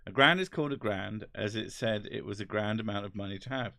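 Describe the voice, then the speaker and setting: A man's voice: on the low side, quick pace, vocal fry, pushed and bright, no echo, studio quality. A man with an English accent, hosting a casual chat, rambling and wry with casual swearing. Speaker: host. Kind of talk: casual chat reading comments.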